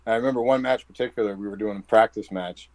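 Jersey accent guy, wrestler guest, lowish voice, tells stories and does the quotes, dry mic. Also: very fast, no echo, rough recording. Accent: New Jersey. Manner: animated storyteller who acts out quoted dialogue. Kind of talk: casual interview chat.

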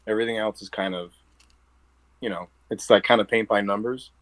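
A man with a New Jersey accent, a professional wrestler, recounts stories as an interview guest, animatedly playing out the quoted dialogue. He speaks a little fast in a lowish voice, on a dry, rough recording.

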